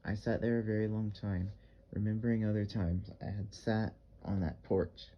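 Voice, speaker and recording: Low-voiced male audiobook narrator. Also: dull audio. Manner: measured, even storytelling. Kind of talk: first-person audiobook narration.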